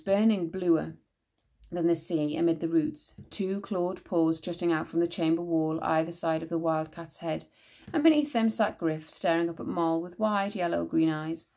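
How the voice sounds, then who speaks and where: A woman teacher reading a children's novel aloud in a measured, expressive way. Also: on the low side.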